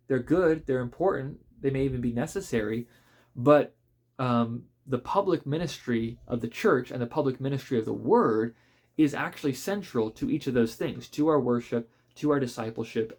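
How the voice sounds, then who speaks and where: Thoughtful pastor talking through a book. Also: male voice, medium pitch, a little mellow. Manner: thoughtful, conversational, many fillers and restarts. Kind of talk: casual spoken book review.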